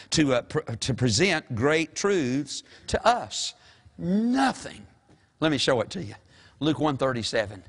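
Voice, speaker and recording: An older man, preaching a folksy sermon as pastor and calling out to the congregation. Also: a little high. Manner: folksy, animated preaching with call-and-response.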